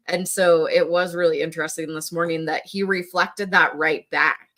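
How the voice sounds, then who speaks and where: A middle-aged woman talking casually as a podcast guest, loose and full of fillers, lively when retelling things. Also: low-pitched, normal speed. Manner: conversational, filler-heavy, animated when quoting her son. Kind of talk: casual conversation.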